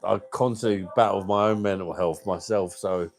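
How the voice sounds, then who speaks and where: A man's voice: low-pitched, steady tone, normal speed, soft background music. A man hosting a casual livestream, chatting with viewers in a matey, open and sometimes emotional way. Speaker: livestream host.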